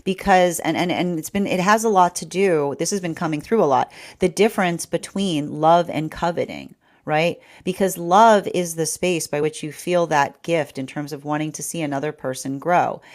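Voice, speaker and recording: A woman's voice: sits low, normal speed. A woman giving a spoken tarot reading, rambling, with frequent repeated words and fillers. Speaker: tarot reader.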